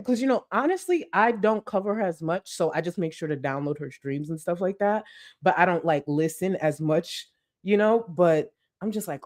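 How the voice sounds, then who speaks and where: Lively-voiced woman commentating casually. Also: moderate pace. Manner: animated, swings into exaggerated high exclamations; laughs through lines. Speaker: commentary channel host.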